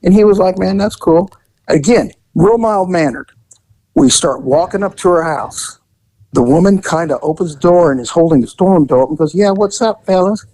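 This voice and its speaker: Casting note: middle-aged man, ex-detective raconteur, voice sitting a little high, animated when quoting people, close and dry. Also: normal speed, no room sound, rough recording. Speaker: retired police detective telling stories. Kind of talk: casual storytelling.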